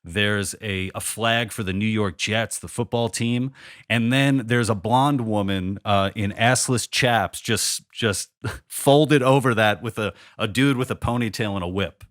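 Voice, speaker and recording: Low-voiced man rambling, joking at himself. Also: unhurried, a bit bright, no echo, clean studio sound. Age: 30s. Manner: rambling, self-deprecating, many restarts. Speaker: podcast host. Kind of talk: casual comedic conversation.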